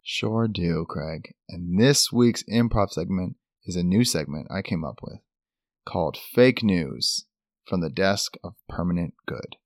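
Low-voiced man rambling casually. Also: lively intonation, unhurried, no room sound, clean studio sound. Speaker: podcast co-host. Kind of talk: casual chat.

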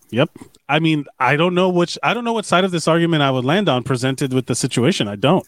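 A man's voice: on the high side, lively intonation, fairly quick, no room sound, studio quality. A man co-hosting a podcast in casual, rambling chat, swearing and joking as he reads comments. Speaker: podcast co-host.

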